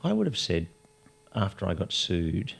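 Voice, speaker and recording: Gravelly deep-voiced male host. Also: huge pitch swings, moderate pace. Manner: candid, asks probing questions. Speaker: podcast host. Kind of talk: conversational interview.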